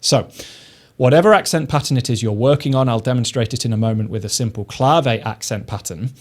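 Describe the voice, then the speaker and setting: A man teaching snare drum technique, explaining each step calmly and methodically. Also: medium pitch, a little fast. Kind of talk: instructional explanation.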